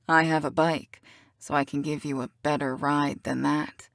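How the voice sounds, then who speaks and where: A woman's voice: sits low, flat delivery, normal speed, no echo, pitched below the performer's own voice. A woman voicing a cocky teasing bad boy. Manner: teasing, smooth, full of innuendo. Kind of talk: audiobook character reading.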